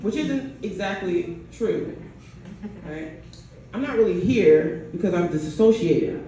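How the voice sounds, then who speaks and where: A woman performing a stand-up comedy set on a bar stage, with a deadpan delivery that keeps tagging jokes with "right?". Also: lowish voice, unhurried, slight background noise. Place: bar stage in front of a crowd. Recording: echoey room, mic heard from a distance.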